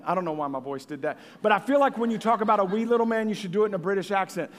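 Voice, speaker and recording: A man with a high, voice preaches with passion. His delivery swings from near-whispers to booming emphasis. Long reverb trails every phrase, as in a large hall. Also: lively intonation, racing, hardly any pauses. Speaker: pastor. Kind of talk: sermon.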